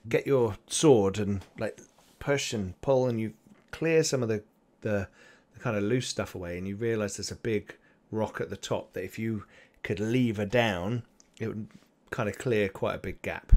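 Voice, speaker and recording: A man with a lowish voice acts as game master for a tabletop game, narrating loosely and rambling with lots of fillers and chuckles. His pace is moderate and his tone a little mellow.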